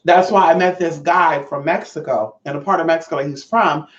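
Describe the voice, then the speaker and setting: A deep-voiced, brisk woman hosts a casual livestream, reading chat aloud, swearing freely, and calling her viewers honey in a brassy way. Her dull lo-fi mic sounds roomy and distant.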